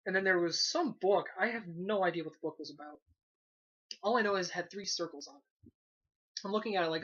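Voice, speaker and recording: Young man, movie review host, sarcastic, animated, casual swearing, muffled lo-fi audio. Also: sits high, fast talker, pauses often, slightly rough. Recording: dull lo-fi sound.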